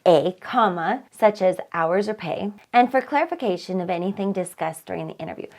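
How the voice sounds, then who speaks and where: A woman's voice: fairly low pitch, animated, brisk, a little mellow. A woman teaching test prep, reading practice questions aloud and talking through each answer, often checking in with "right?". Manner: reads passages aloud and talks through answers, asks "right?".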